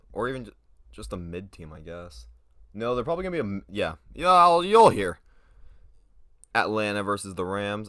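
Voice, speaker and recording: A man's voice: on the low side, a bit bright, no room sound, clean studio sound. A young man talking casually through sports predictions on his own video, rambling, trailing off and correcting himself as he goes.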